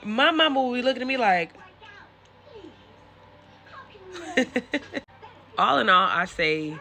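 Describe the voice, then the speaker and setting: A young adult woman giving a casual, encouraging motivational talk to camera, addressing the listener warmly and conversationally. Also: a little high, sing-song, fairly quick. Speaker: spiritual content creator.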